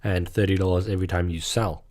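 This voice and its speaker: Low, mellow-voiced young male podcaster. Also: steady tone, fast. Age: young adult. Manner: rambling, swears casually, many fillers. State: getting a cough. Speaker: podcast host. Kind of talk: casual solo podcast talk. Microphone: microphone.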